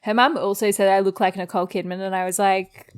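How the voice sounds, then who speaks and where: A woman's voice: mid-range voice, steady tone, fast, clear, resonant tone. A woman co-hosting a podcast, chatting casually and giggling often while recapping an anime episode. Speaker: podcast co-host.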